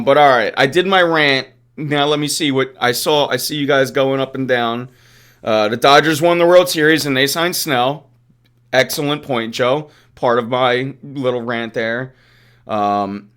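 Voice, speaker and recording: A man's voice: mid-range voice, a bit bright. A man hosting a live-streamed sports talk show, ranting casually, swearing and chuckling at his own sarcasm while answering chat. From Philadelphia area.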